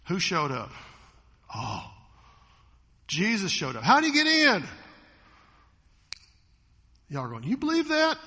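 The big-room sound of a church sanctuary surrounds a pastor's high-pitched voice as he preaches. Animated throughout, he acts out quoted voices and questions his congregation directly.

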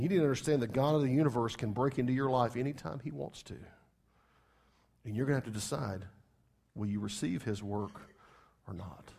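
A man's voice: medium pitch, gravelly, a little mellow. A man preaching a sermon as pastor, emphatic, repeating key phrases and firing rhetorical questions at the congregation.

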